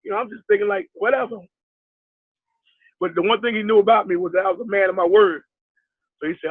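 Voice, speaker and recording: A man's voice: high-pitched, fairly even intonation, fast, pauses often, husky, dry recording. A middle-aged man from New York, a basketball coach telling his story in a casual interview, rambling and acting out the people he quotes, with lots of fillers. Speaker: basketball head coach, guest. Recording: tinny dry phone-like line.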